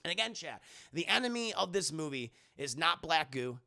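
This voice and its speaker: A man's voice: a little high, sing-song, moderate pace, gravelly, bright, forceful tone. A man streaming a casual, profane spoiler recap of a film, rambling and talking to his live chat.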